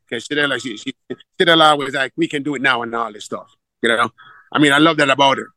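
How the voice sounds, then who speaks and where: A middle-aged man, a football coach telling stories in a conversational, animated way, repeating words and laughing as he goes. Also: mid-range voice, fast talker, no echo. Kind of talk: conversational storytelling.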